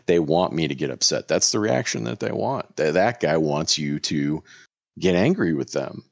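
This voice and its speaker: A lawyer recounts a story in a deep, low voice, acting out what each person said. The sound is dry and close, with no room around it. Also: male voice, moderate pace, creaky, no room sound. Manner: animated, acts out quoted lines. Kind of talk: casual podcast storytelling.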